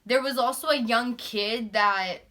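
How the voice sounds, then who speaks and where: Young woman, storytime vlog, casual and animated, bright voice, fairly high. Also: a little slow. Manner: animated, swears freely, mimics shocked voices. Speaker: YouTuber telling a story.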